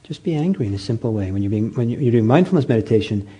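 A man giving a meditation talk, telling stories gently with many pauses, fillers and restarts. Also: medium pitch, lively intonation, husky. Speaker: meditation teacher. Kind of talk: dharma talk.

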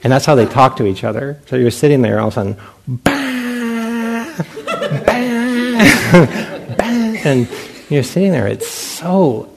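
A man's voice: mid-range voice, a little fast, vocal fry, crowd noise. A man who is a meditation teacher, giving a dharma talk at a meditation center as a self-mocking storyteller who acts out his own past thoughts and laughs often.

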